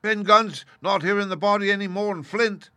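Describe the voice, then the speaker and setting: A man voicing a fearful young pirate sailor in rough sailor dialect. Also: high-pitched, moderate pace, pushed and bright, no echo, voice pushed up.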